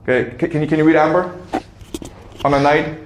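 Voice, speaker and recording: Lecturer, male, higher voice, keeps asking "okay?", recorded in a reverberant room. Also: fairly even intonation, fairly quick, a little hiss or hum. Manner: checks in with frequent "okay?". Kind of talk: classroom lecture. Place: classroom. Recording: echoey classroom.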